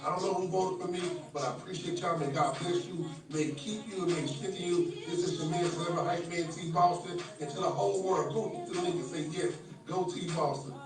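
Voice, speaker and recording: A man's voice: high voice, brisk, hardly any pauses. Upbeat man in a roomy promo. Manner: upbeat, blessing-filled sign-off. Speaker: host recording a promo. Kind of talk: promotional announcement. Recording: roomy playback from a distance with music.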